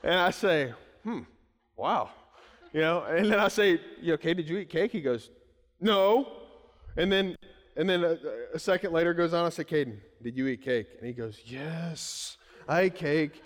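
A man's voice: on the high side, moderate pace. Pastor guy in his 30s preaching, chatty with lots of restarts, echo trailing off in a big church. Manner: conversational preaching with anecdotes and frequent restarts. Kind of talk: sermon. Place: church sanctuary.

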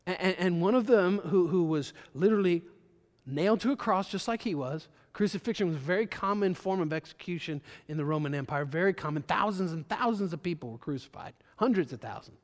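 A male pastor preaches with a somewhat high voice that swells loud for emphasis and then falls back to a quiet murmur. His sermon rings out through a large hall with long reverb trailing each phrase. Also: lively intonation, fairly quick.

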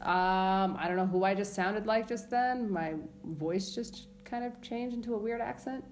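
A woman co-hosting a podcast in casual chat, teasing and quick-witted. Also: medium pitch, a little hiss or hum. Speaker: podcast co-host.

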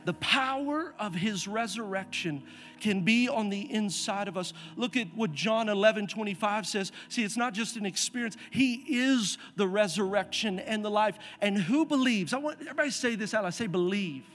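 A man preaching a sermon as a pastor, telling a personal story and calling on the congregation to respond, moving between hushed, quiet passages and loud, emphatic ones. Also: high-pitched, normal speed, faint music behind.

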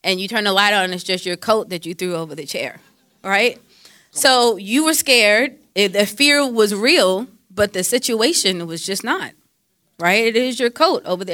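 A woman's voice: mid-range voice, lively intonation, moderate pace, pushed and bright, no echo, clean studio sound. A woman counselor giving faith-based advice in a conversational way, quoting scripture and using frequent fillers.

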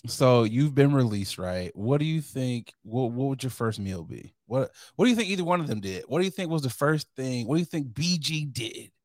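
A man's voice: medium pitch, normal speed, few pauses, dry recording. Guy on a podcast, joking around, dry close mic, acts out what people say. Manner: animated, joking, acts out quotes. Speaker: podcast co-host. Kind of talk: casual chat.

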